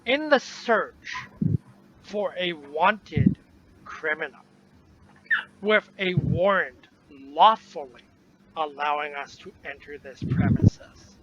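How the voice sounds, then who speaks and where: Stern armed squad boss, as a guy puts him on, clipped and accusing, kinda high voice, dull lo-fi audio. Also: animated, takes it slowly. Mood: accusatory. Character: stern male armed squad commander, interrogating. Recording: dull lo-fi recording, faint noise.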